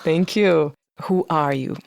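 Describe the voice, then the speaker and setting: A woman's voice: sits low, slow pace, vocal fry, a little mellow. Playful woman hosting a podcast. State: hot and sweaty. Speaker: podcast host. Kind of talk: casual chat.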